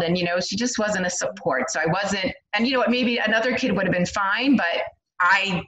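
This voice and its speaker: A middle-aged woman, a guest on a podcast, tells her story in a candid, animated way with lots of "um" and "like". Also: mid-range voice, a little fast. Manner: candid, animated, frequent fillers like "um" and "like". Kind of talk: conversational storytelling. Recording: dull lo-fi sound.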